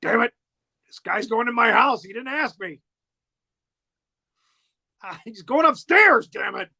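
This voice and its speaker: Brief: irritated vampire count, muttering and exasperated, put on by a man mid-recap in a bright, cheerful voice. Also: very high voice, animated, unhurried, creaky, dry recording, clean studio sound, heavily acted. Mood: annoyed. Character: grumpy male vampire count, annoyed.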